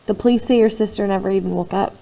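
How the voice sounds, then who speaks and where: A woman reading the lines of a weary, quiet father telling his son hard news in a storybook reading. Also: high-pitched, fairly even intonation, quick pace, creaky, poor audio. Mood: subdued.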